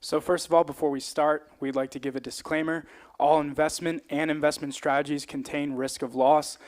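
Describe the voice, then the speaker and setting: A man's voice: fairly high pitch, little pitch movement, normal speed. A young man, a college student, reading a formal statement aloud, with some stumbles. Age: young adult. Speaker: student presenter. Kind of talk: reading a disclaimer.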